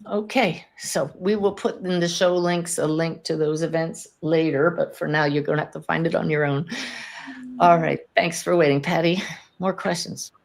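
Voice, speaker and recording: Podcast host, woman, medium; lower-pitched, warm storytelling energy, chatty, laughs easily. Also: steady tone, normal speed, creaky. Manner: enthusiastic, chatty, laughs often. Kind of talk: live Q&A podcast, teaching and storytelling.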